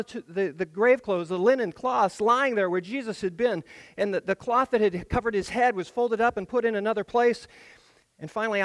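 A man's voice: sits high, fairly bright tone. A man, a pastor, acting the Apostle John as an awed eyewitness in a church drama monologue, telling it earnestly with stammered restarts. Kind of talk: first-person dramatic monologue.

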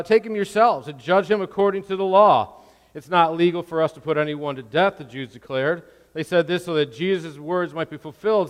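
A man's voice: on the high side, clean tone. A man reading scripture aloud in a sermon, adding asides, then leading a prayer in a church. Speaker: pastor. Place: church hall. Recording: long hall reverb.

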